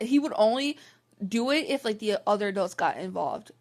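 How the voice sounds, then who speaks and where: A woman's voice: a little high, animated, a little fast. A young adult woman telling a personal story to camera in a rambling, frank and exasperated way, full of "like" fillers. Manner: rambling, heavy use of "like" fillers. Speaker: vlogger. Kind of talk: candid storytime monologue.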